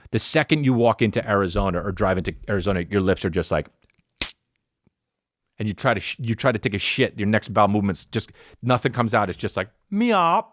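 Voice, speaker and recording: A man in his thirties hosting a podcast, ranting through a comic story with lots of swearing and sudden jumps into silly high voices. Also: dry recording, studio quality. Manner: animated storytelling, profane, jumps into mock voices and high sung syllables. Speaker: podcast host. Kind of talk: comedic rant.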